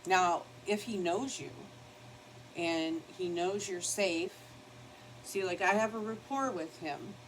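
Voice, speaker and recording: A woman's voice: on the low side, slow pace, slight background noise, poor audio. An older woman chatting casually while doing her makeup at her home vanity, rambling and now and then scolding her dog. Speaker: beauty vlogger. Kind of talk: casual get-ready-with-me chat.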